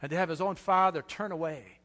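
A fairly high-voiced man preaching a sermon in a church, his words ringing out with a long hall reverb. He talks with passion, sinking to a hush and then swelling loud again. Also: a little fast. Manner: impassioned, swings from hushed to loud. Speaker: pastor.

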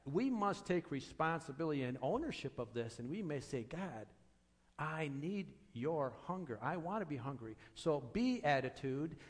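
A man preaching a sermon as pastor, earnest, asking rhetorical questions and repeating phrases for emphasis. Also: fairly high pitch.

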